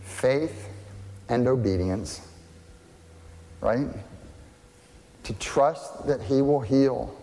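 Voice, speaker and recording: A man preaching a sermon as pastor, deliberate and questioning, often checking that listeners follow. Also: mid-range voice, dark tone. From family partly German and partly English. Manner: slow, deliberate, asks the congregation questions. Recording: long hall reverb.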